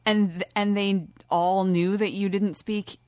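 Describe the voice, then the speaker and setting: A woman's voice: mid-range voice, little pitch movement, mellow, dry recording, clean studio sound. Teasing woman podcast host. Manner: teasing, quick to laugh. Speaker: podcast host interviewing a guest. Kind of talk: casual interview.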